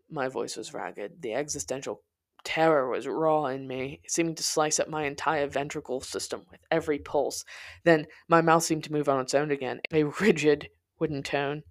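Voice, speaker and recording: A podcast narrator telling a personal story in the first person, in a quiet, intense, confessional way. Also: mid-range voice, fairly even intonation, moderate pace.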